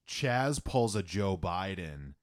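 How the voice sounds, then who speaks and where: Male co-host, low voice, lively swings in pitch, dry humor. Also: takes it slowly. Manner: wry, joking. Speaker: podcast co-host. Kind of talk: casual movie chat.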